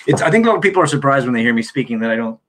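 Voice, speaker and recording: A man from Canada, a guest on an interview show, talking in a relaxed, self-deprecating way that often trails off. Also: mid-range voice, racing. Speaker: actor guest. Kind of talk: casual interview chat.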